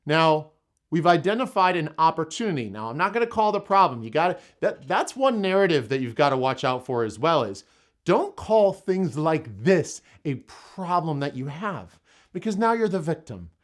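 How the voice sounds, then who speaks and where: A man's voice: fairly high pitch, sing-song, normal speed. A man giving an emphatic motivational self-help talk, repeating phrases for effect. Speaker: motivational speaker.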